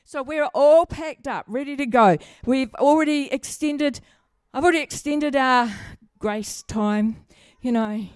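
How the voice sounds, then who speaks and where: A middle-aged woman preaches in a chatty, humorous way, stopping to ask the congregation questions. Her voice sits a little high. The sound is dry, with little room echo. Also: unhurried, hardly any pauses, clean tone. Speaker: pastor. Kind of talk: sermon with personal stories.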